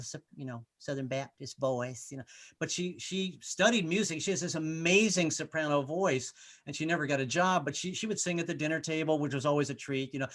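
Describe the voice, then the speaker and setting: A man's voice: on the high side, pushed and bright. A man doing a rambling stand-up comedy set, stumbling over his words and repeating himself. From Irish. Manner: rambling, self-interrupting, puts on character voices.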